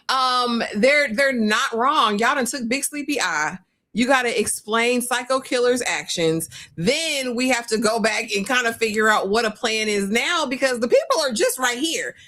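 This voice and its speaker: Woman, live TV recap, matter-of-fact, fairly high voice. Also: fairly bright tone. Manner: reasoned, matter-of-fact, uses fillers. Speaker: podcast co-host.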